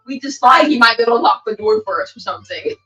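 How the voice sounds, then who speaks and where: A woman's voice: on the high side, huge pitch swings, quick pace, a bit bright, roomy sound, distant mic, poor audio. A woman playing a tabletop game, giving brief, matter-of-fact replies. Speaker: player. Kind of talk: casual tabletop play.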